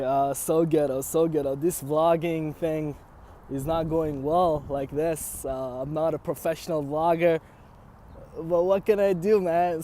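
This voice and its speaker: Hesitant young man vlogging on the street. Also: fairly high pitch. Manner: halting, lots of "uh", self-deprecating. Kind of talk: casual walk-and-talk vlog. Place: outdoors in a city, at a bus stop. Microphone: handheld phone. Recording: phone mic with loud street noise.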